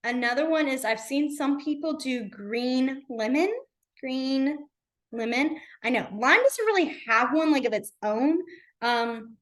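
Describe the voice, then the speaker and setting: A woman's voice: high voice, expressive, a little slow, fairly bright tone. A young woman teaching a beginners' class in a casual, chatty way, full of fillers like "um" and "like". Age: young adult. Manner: chatty, uses many fillers like "like" and "um". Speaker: sign language teacher. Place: library classroom.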